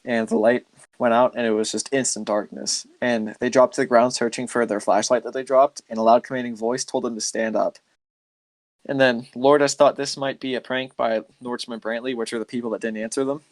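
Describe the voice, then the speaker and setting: A man's voice: mid-range voice, steady tone, brisk, dry recording. A man hosting a podcast, telling a story in a loose, rambling way with lots of filler words. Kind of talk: casual storytelling chat.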